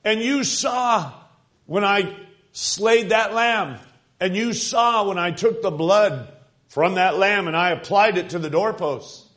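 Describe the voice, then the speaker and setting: A man voicing a calm father who patiently reassures his son in a slow, soothing way. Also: sits high.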